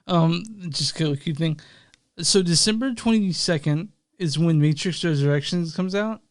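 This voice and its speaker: A man's voice: a little high, moderate pace, dry recording, clean studio sound. A man co-hosting a podcast, rambling with lots of fillers, laughing easily and swearing casually. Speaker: podcast co-host and editor.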